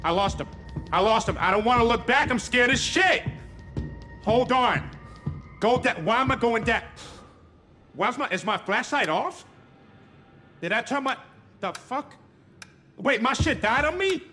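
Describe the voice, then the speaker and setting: High, bright-voiced young man gaming. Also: animated, measured pace, pauses often, faint music behind. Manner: loud, profane, panicky reactions. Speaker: gamer streamer. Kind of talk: live horror game commentary.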